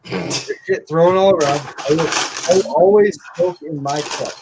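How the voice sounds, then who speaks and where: Man, middle-aged, casual live-stream chat, profane, blunt, slightly high voice. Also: measured pace, background noise.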